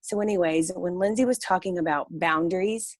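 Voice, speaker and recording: A woman calling into a video call by phone from work, upbeat and quick, laughing as she talks. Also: fairly low pitch, no echo. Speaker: team member sharing on a call. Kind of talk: casual group video call. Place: workplace.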